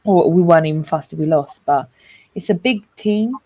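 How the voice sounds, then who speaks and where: Rambling, jokey woman, mellow voice. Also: deep voice, moderate pace. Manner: rambling, jokey, lots of restarts. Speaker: co-host of a football reaction show. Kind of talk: casual football chat.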